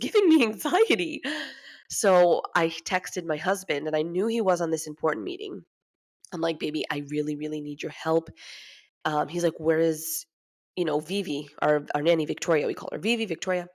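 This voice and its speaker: Chatty woman sharing motherhood stories. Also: lowish voice. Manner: chatty, candid, laughs often. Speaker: podcast host. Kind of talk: casual chat.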